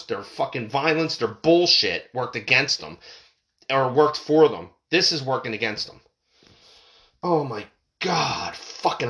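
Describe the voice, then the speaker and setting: A man's voice: medium pitch, pushed and bright. A man hosting a podcast, reading news aloud and breaking into angry, profane rants, stumbling and repeating words when worked up. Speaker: podcast host. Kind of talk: reading and ranting about news articles.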